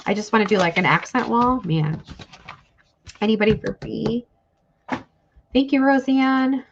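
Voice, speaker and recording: Woman, live sale host, casual rambling chat, slow, gravelly, dull audio with faint hiss. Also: on the high side. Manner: chatty, rambling, thanks viewers by name. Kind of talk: casual live-stream selling.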